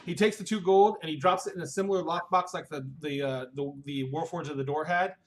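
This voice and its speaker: A man narrating as game master over a video call, easygoing and relaxed. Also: on the high side, fairly quick.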